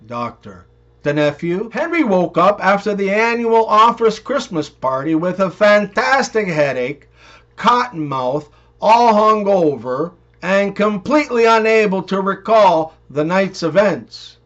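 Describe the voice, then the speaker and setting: A man reading one-liners and joke stories in an even, unhurried way. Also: sits high. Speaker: joke narrator. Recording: dull, muffled recording.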